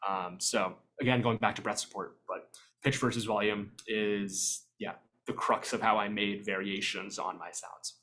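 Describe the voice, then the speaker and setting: A man's voice: lowish voice, fairly even intonation, normal speed, bright, forceful tone. Man explaining beatboxing technique casually. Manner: explanatory, conversational with frequent ums. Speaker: vocal percussion workshop presenter. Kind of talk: virtual workshop lecture. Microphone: video call.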